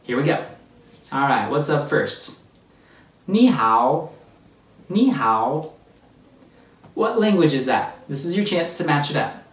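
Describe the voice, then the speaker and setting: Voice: medium pitch, animated, moderate pace. A children's ministry teacher giving an upbeat Bible lesson for kids and speaking straight to the children. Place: church room. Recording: roomy echo, distant from the mic.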